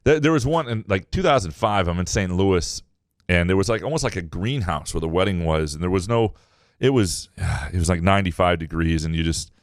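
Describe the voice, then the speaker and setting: Deep-voiced man telling rambling stories. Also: animated, fairly quick, dry recording, studio quality. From Michigan. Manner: rambling, restarts sentences, storytelling. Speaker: sports podcast co-host. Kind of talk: casual sports chat.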